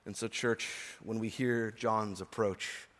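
A man's voice: fairly low pitch, fairly even intonation, slow pace, fairly bright tone. A pastor in his forties preaching an earnest, emphatic sermon to his church, with chatty personal asides. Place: church sanctuary. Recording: long reverb of a church hall.

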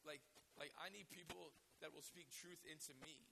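A hoarse man with a raspy voice preaching a sermon, emotional and given to repeating words as he starts a phrase. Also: fairly high pitch, steady tone, moderate pace, noisy background. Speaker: pastor.

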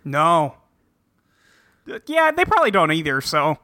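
Bright, dry-sounding man with short quips. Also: a little high, huge pitch swings, a little slow, dry recording. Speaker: podcast co-host. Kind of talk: casual chat.

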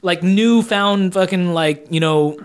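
A man co-hosting a casual movie review chat with a notably high voice. He talks in a loose, laid-back way, swearing freely and padding his points with fillers. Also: slow pace, clean tone. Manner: laid-back and profane, lots of fillers like "you know". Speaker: podcast co-host.

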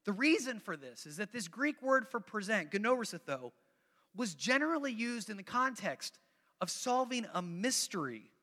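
A man's voice: high voice, very animated, normal speed, sharp tone, big-room sound. A man preaching a sermon as pastor, talking to the congregation in a conversational way, repeating phrases for emphasis and coaxing people to join in.

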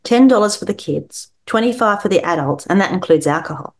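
A woman's voice: mid-range voice, animated, fairly quick, lightly acted. Woman doing a breezy chatty school mum.

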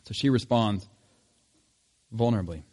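A man's voice: on the low side, unhurried, darkish tone. A man preaching a sermon in a conversational tone, asking rhetorical questions. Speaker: pastor.

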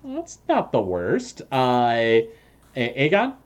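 A man's voice: medium pitch, wildly swooping pitch. A man narrating a tabletop game as game master, with lots of fillers and restarts. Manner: halting, many fillers and restarts.

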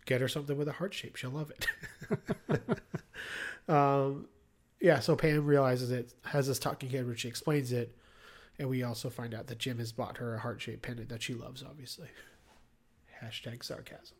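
A man's voice: mid-range voice, fairly even intonation, normal speed, long pauses. A man co-hosting a podcast, recapping a TV episode in a joking, offhand way with plenty of fillers. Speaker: podcast co-host. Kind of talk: casual chat recapping a TV episode.

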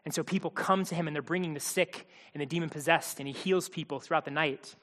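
A man's voice: fairly high pitch, fairly even intonation, fast, fairly bright tone. Man preaching in an echoing hall. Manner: conversational, emphatic, acts out quotes. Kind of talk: sermon.

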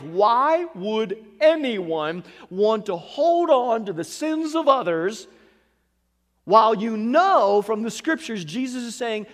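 A male pastor preaching a sermon in an animated way, swinging between loud emphasis and hushed asides. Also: very high-pitched, big-room sound.

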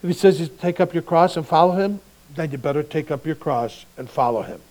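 A male pastor preaching a sermon in a conversational way, swinging between quiet reflection and emphatic bursts. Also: on the high side, brisk, low-quality recording.

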